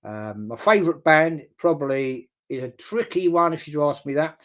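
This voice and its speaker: An older man reads viewer comments during a casual live-stream chat at normal speed, his slightly high voice fairly bright in tone. He rambles bluntly, swears casually and repeats words for emphasis.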